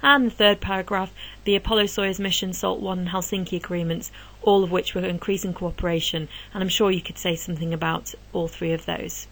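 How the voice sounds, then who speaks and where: A woman history teacher giving an exam revision lesson, explaining answers step by step in a brisk, encouraging way. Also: fairly low pitch, fairly even intonation, a bit bright, low-quality recording.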